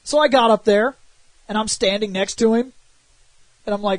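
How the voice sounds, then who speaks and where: A man's voice: sits high, normal speed, no room sound. A man co-hosting a casual gaming podcast, telling stories with acted-out quotes and plenty of swearing. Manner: animated storytelling, acts out quotes, swears freely. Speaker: podcast co-host.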